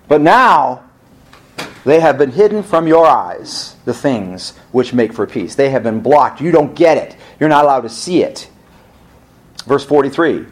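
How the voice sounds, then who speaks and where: A male pastor preaching a sermon in a conversational way, asking rhetorical questions and rising for emphasis. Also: on the high side.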